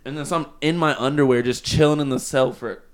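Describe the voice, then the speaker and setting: A man's voice: medium pitch, fairly even intonation, fast talker, over a noisy crowd. A young man telling a long story in casual, slangy podcast chat, often laughing and acting out other people's lines. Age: young adult. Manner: laid-back slangy storytelling, laughs often, acts out quotes.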